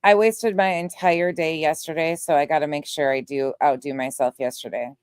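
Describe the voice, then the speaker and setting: Wry low-voiced woman co-host. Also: fairly even intonation, normal speed, darkish tone, smooth, no room sound, studio quality. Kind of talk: casual commentary chat.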